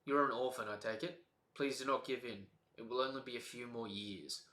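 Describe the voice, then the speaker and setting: A man reading the lines of an older male hermit in a low, hushed voice, in an echoey room. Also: fairly quick, close to an everyday voice. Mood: solemn.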